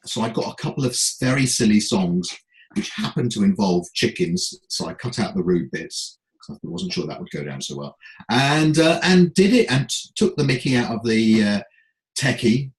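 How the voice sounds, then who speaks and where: Animated storyteller in a roomy echo. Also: male voice, medium pitch, moderate pace. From England. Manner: animated, acts out voices, self-deprecating. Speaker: guest, comedy writer and speaker. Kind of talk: anecdotal storytelling.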